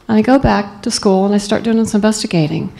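A woman in her fifties from Southeast Texas gives a motivational speech to young students. Her voice is mellow and warm, and her pitch sits in the middle. She tells her story earnestly and presses hard on her main points. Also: fast, creaky. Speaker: guest speaker.

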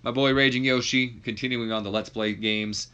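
A young man casually commenting on his wrestling simulation game and joking with his viewers, sometimes leaping high in exasperation. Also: fairly even intonation, moderate pace, bright, forceful tone, clean tone, highs cut off. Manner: laid-back, jokey, swings up high when exasperated. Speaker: YouTuber playing a wrestling sim.

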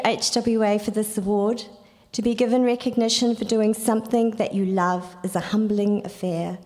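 A woman's voice: mid-range voice, mellow, long reverb tail. New Zealand woman reading a speech. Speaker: award acceptor.

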